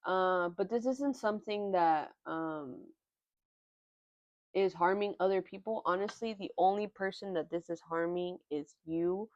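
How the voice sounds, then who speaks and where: A young woman giving a tarot reading in an earnest, halting way, often moved by what she says. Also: fairly low pitch, darkish tone, dry recording, lo-fi sound. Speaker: tarot reader. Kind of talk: pick-a-card tarot reading.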